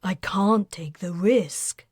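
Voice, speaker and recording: A man's voice: high voice, slow pace, husky, dry recording, clean studio sound, exaggerated voice. A woman voicing an anxious young man, an indebted weapons expert, in an audiobook, earnest and worried. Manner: earnest, worried, bursts into excitement.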